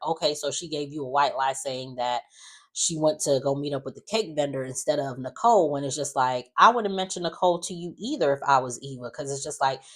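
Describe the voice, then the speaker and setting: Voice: medium pitch, a bit bright. Chatty, opinionated soap-recap host. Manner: chatty and opinionated, many fillers and asides. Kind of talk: casual recap chat.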